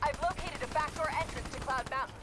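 A brisk military radio operator, voiced by a woman, reports over comms in a shooter game. Her voice is very high and quick. It sounds distant, coming from far off in the game audio. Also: background noise, natural voice. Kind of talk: scripted game dialogue.

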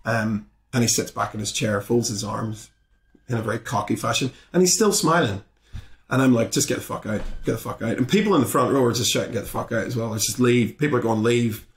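A man tells a story in an interview, jumping into the voices of everyone involved. His pitch sits in an ordinary middle range. He talks casually and swears freely, and the room gives his voice a noticeable echo. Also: a little fast. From Belfast, Northern Ireland. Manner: animated retelling, acting out both sides of the exchange. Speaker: guest comedian. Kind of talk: conversational storytelling in a podcast interview.

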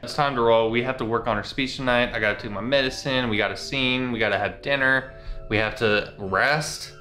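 A man co-hosting a vlog, chatting in a relaxed, self-mocking way from a car. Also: medium pitch, fairly quick, soft background music. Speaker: vlog co-host. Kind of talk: casual chat.

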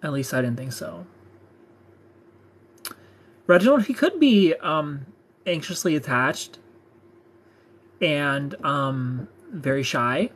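A man's voice: on the high side, slight background noise. A young man hosting a live stream, joking casually and reading out viewer comments.

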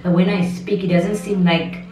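Woman softly telling a painful story. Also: on the low side, normal speed, faint music behind. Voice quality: steady voice that does not break. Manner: rambling, emotional, with many restarts and asides. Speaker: vlogger. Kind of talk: personal storytelling vlog. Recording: muffled, roomy, slightly distant.

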